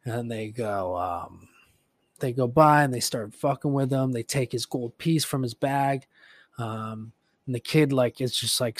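Man, podcast host, casual rambling retelling, swears a lot, mid pitch, dry close sound. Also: dry recording. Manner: profane, rambling storytelling with filler words.

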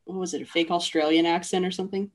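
A woman co-hosting a podcast who chats in a relaxed, thoughtful way. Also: fairly low pitch, quick pace. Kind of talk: casual chat.

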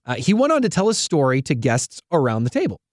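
A man hosting a casual faith-focused chat, a playful and animated storyteller. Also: medium pitch, quick pace, no room sound, clean studio sound. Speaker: podcast host.

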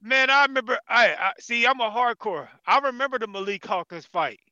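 A man's voice: very high voice, brisk, pushed and bright, dry recording, dull audio. A man calling in to trade trash talk in a heated casual debate, cursing freely and boasting.

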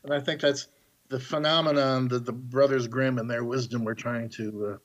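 Casting: middle-aged composer guest, lively storyteller, mid-pitched male voice. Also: moderate pace, lo-fi sound. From Chicago area, US. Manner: animated storyteller, acts out quoted characters. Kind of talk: podcast interview, storytelling.

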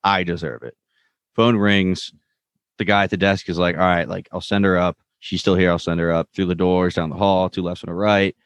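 Deep-voiced man casually recapping. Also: moderate pace, clean tone, dry recording. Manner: relaxed, retells scenes with loose paraphrased quotes. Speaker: podcast co-host recapping a TV episode. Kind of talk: casual chat.

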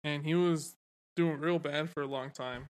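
A man's voice: on the high side, fairly even intonation, measured pace. A man co-hosting a podcast, telling stories in a rambling, loose way with cursing and easy laughter. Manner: rambling, swearing, laughs easily. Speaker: podcast co-host. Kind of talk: casual podcast chat.

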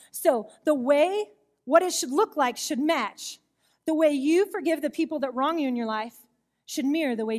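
A woman guest speaker giving a sermon in a conversational, expressive way, acting out the people she quotes. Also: high-pitched.

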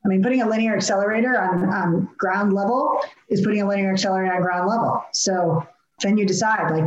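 A woman's voice: mid-range voice, fast talker, echoey room, highs cut off, a little hiss or hum. A woman speaking earnestly and reflectively in an interview, explaining her design approach with frequent restarts. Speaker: healthcare architect guest. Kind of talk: conversational interview.

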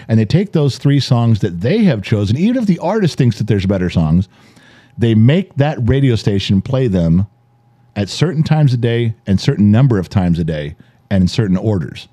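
A man in his forties, co-hosting a podcast and telling animated stories in casual chat, acting out the dialogue and swearing freely. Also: lowish voice, normal speed, dry recording. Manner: animated storyteller, acts out quoted dialogue, swears. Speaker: podcast co-host.

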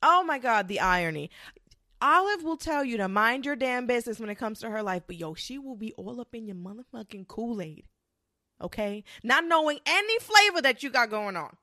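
A woman's voice: a little high, very animated, fairly quick, bright, forceful tone, no room sound, clean studio sound. A young adult woman ranting in a sassy, profane monologue, mocking others with quoted voices.

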